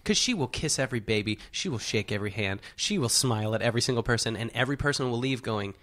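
A man's voice: medium pitch, lively intonation, quick pace, hardly any pauses, a bit bright. A comedian from the Midwest, a man, chatting as a podcast guest, telling jokey stories. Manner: joking, storytelling. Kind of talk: casual podcast chat.

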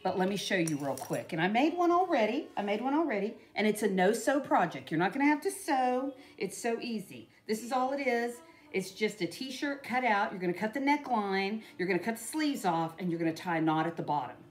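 With a medium-pitched, animated, brisk voice, a middle-aged woman rambles through a craft tutorial as a vlogger. Her casual DIY chat is sprinkled with laughs and frequent "you know"s.

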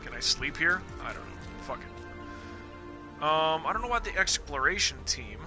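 His fairly high voice swings widely in pitch at a normal speed. The man chats casually while streaming a video game live, joking, swearing and thinking out loud in let's play fashion, with game music in the background.

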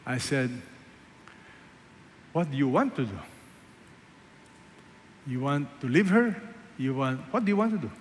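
A man preaching a sermon as a pastor, asking the congregation rhetorical questions and swinging between loud emphasis and hushed asides. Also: medium pitch, lively intonation, measured pace, pauses often, a little hiss or hum. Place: large church hall. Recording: echoey church hall, faint ambience.

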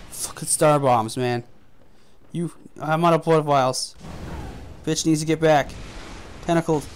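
Male gaming host, high voice, profane running commentary. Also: steady tone, measured pace, long pauses, slight background noise. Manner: frustrated, profane trash talk. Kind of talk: gameplay commentary.

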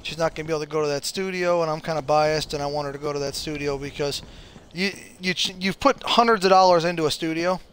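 A man with a slightly high voice chats easily over a video game. He trash-talks his friend and yelps when he gets a kill. A faint hiss sits under the recording. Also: fairly even intonation, fast, a bit bright. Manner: chatty, trash-talking, yelps when he scores. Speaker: gamer streaming with a friend. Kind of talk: casual gaming chat.

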